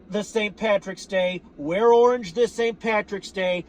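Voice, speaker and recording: A man ranting to camera about his football team, profane and rambling, breaking into shouts. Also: high voice, measured pace, few pauses. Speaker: sports fan vlogger. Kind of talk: ranting fan commentary to camera.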